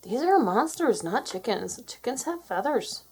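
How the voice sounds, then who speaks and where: Lady reading as a know-it-all girl cow, squeaky and bouncy, breathy. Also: sing-song, measured pace, darkish tone, full character voice. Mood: lecturing. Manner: bossy, exclaiming.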